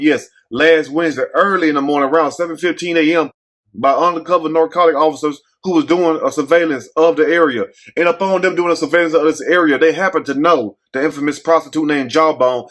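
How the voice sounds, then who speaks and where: A man's voice: a little high, a bit bright. A man hosting a casual commentary show, telling a story bluntly with jokes and rhetorical questions to his audience.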